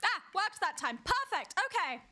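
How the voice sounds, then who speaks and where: A woman's voice: very high voice, sing-song, moderate pace, sharp tone, a little hiss or hum. A woman streaming a game live, chatting and giving running commentary to other players. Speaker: streamer hosting a hide and seek game. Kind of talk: casual livestream chat while gaming.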